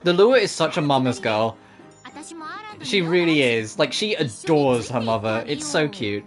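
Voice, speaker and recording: A woman streamer chats casually over her gameplay, giggling at asides. Her voice sits low but swings around a lot. Game music plays clearly underneath her. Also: big pitch swings, measured pace. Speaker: let's play streamer.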